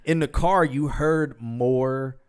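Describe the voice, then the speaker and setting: A man co-hosting a music review stream, a club DJ talking in a relaxed, joking, rambling way. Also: mid-range voice, takes it slowly, clean tone. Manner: laid-back, joking, rambling storyteller. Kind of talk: casual chat.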